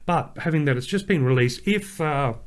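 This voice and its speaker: A man's voice: fairly high pitch, animated, moderate pace. An Australian man co-hosting a podcast, chatting casually and rambling with fillers and restarts. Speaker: podcast co-host. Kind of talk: casual chat.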